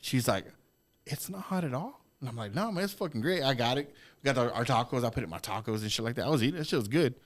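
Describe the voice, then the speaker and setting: Man telling a profane, animated story. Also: mid-range voice, racing. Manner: profane, animated, laughs often. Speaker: podcast guest. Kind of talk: casual storytelling.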